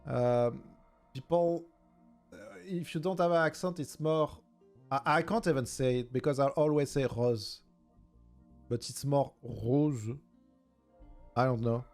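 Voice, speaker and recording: A man with a southern French accent, a native French speaker, chatting casually as a streamer in halting English and searching for words. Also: medium pitch, darkish tone, soft background music. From southern France. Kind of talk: casual chat.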